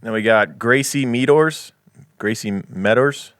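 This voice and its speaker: A man's voice: medium pitch, measured pace, a bit bright, clear, resonant tone, no echo, clean studio sound. A man co-hosting a podcast, reading listener reviews aloud in an easygoing, casual way. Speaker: podcast co-host.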